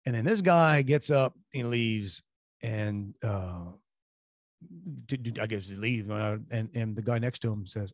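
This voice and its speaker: A man's voice: fairly low pitch, unhurried, dry recording. Male co-host, casual storyteller who rambles and restarts, dry studio sound. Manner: rambling, animated anecdotes with restarts. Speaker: radio show co-host.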